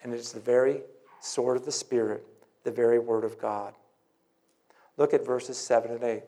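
A male pastor preaching a sermon in church, earnest, with dramatic pauses and scripture read aloud. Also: medium pitch, steady tone, dark tone.

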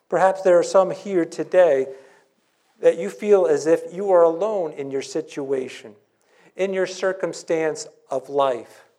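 A male pastor preaching a sermon in church, earnest, with dramatic pauses and scripture read aloud. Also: fairly high pitch, mellow.

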